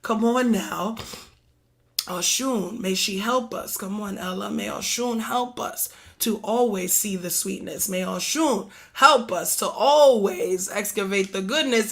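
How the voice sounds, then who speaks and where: A woman from Harlem leading a prayer service, preaching in a rhythmic call-and-response style with repeated exhortations, chanted prayers and song, her voice slightly hoarse. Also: mid-range voice, unhurried. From Harlem, New York.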